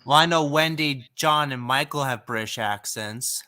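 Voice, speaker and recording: A man's voice: medium pitch, normal speed, sharp tone, clear, resonant tone. A man in casual chat, answering in short replies and asking questions now and then.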